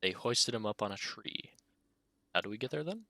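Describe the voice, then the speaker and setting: A man reading a detective game aloud with a bright, forceful tone set a little low. His delivery is casual and a bit halting, and the close, dry recording has no room sound. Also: sing-song, dry recording. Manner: casual, halting, reads with asides. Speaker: gaming video creator.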